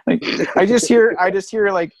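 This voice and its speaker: A man's voice: high-pitched, normal speed, no echo, clean studio sound. A man co-hosting a podcast, chatting casually with friends and swearing often. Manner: frequent swearing, rambling storytelling. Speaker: podcast co-host. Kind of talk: casual chat.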